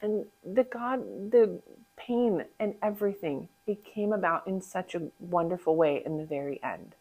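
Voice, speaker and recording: A woman telling a Bible story to listeners in an animated way, asking them questions. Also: lowish voice, a little slow, rough recording. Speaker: children's Bible story teller.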